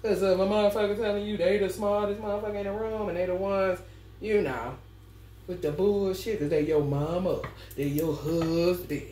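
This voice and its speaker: A woman's voice: mid-range voice, normal speed. A woman tarot reader telling stories to her viewers in a casual, profane way, laughing often as she talks. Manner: animated, laughs often, heavy swearing. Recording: roomy echo, mic at a distance, faint background noise.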